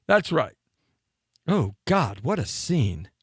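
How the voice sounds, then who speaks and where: A man in his fifties, a show host, telling a rambling story with animated delivery and laughing asides. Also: on the high side, normal speed, dry recording, clean studio sound. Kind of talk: storytelling monologue.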